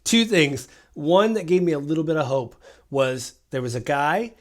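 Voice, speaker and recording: On a political podcast he co-hosts, this man chats casually in an animated, somewhat high voice at normal speed. He tells stories about incidents, acting out what people said to each other.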